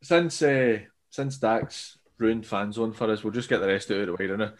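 Scottish host reading out questions. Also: male voice, on the low side, normal speed, a little hiss or hum. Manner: reads out listener questions, laughs along. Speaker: podcast host. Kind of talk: casual interview.

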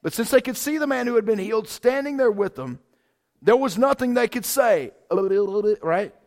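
A man preaching a sermon as pastor, casual and excited, with big swells in volume. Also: high voice, normal speed.

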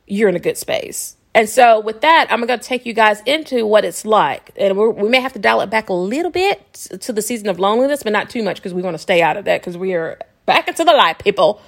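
A chatty woman hosts a podcast with casual spiritual self-help talk. She rambles, laughs often and checks in with her listeners. Her pitch sits in a middle range. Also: lively intonation, fast talker, gravelly, few pauses. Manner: laughs often while talking. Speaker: podcast host.

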